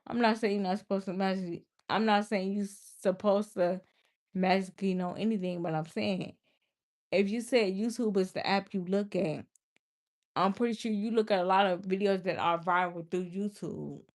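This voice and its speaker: A woman's voice: mid-range voice, steady tone, moderate pace, darkish tone. A young woman livestreaming, casually and exasperatedly scolding a viewer in the chat. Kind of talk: casual live-stream talk to chat.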